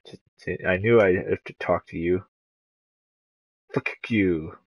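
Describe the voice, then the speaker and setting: Husky low-voiced man streaming a game. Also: slow pace, no echo, lo-fi sound. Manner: reads game dialogue aloud, swears casually. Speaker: gaming streamer. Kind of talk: casual gameplay commentary.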